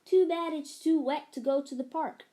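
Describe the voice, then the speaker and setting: A woman's voice: high-pitched, steady tone, normal speed, dark tone, pitched above the performer's own voice, lightly acted. A woman voicing a friendly, playful young boy in a storybook read-aloud.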